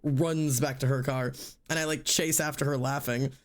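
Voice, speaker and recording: A man's voice: mid-range voice, fairly even intonation, normal speed. A male streamer telling a story in casual chat, rambling with lots of fillers and acting out what people said. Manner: rambling, filler-heavy, acts out quotes.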